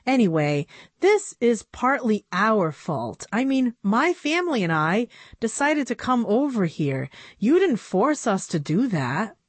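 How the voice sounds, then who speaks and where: A sensible young girl doll speaks firmly in a storybook reading, voiced by a woman. Her lines rise and fall with lively pitch. The sound is dry and close. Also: unhurried, few pauses, husky, dry recording, exaggerated voice. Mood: determined. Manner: firm, takes charge.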